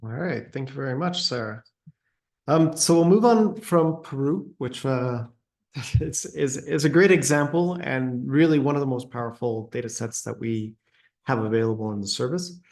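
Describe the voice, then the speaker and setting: Gravelly-voiced man presenting data. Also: medium pitch, normal speed, darkish tone. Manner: hesitant, many fillers and restarts, uneven pace. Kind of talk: webinar presentation.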